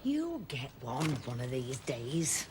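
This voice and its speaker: A woman's voice: a bass voice, wildly swooping pitch, slow pace, heavily acted. A woman playing a tart, teasing fiancée with a sensible manner. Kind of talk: sitcom acting. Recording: noisy TV sitcom recording.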